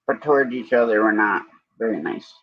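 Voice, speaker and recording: A husky man chats in an easygoing, joking way on a live stream. His voice is mid-pitched and dry. The audio is a little dull and lo-fi. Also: animated, brisk, no room sound. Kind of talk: casual chat on a live stream.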